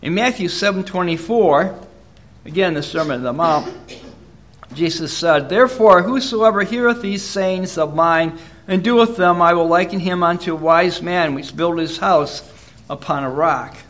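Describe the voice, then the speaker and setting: A man preaching a sermon in a measured, earnest way, reading Bible verses aloud between his own points. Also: high voice, a bit bright. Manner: measured, earnest, reads verses in King James wording.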